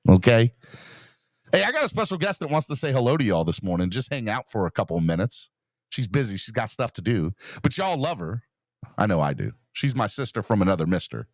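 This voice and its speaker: Upbeat male podcast host, deep voice with lots of swing, reading out chat names. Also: big pitch swings, a little fast, no room sound, clean studio sound. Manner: upbeat, greets chat viewers by name. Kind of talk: casual live-stream chat.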